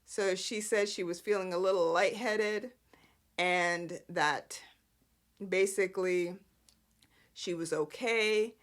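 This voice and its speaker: A woman's voice: lowish voice, slow pace, pauses often. A woman hosting a podcast, recapping soap opera episodes in a chatty, sarcastic way with lots of "like" fillers. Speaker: podcast host.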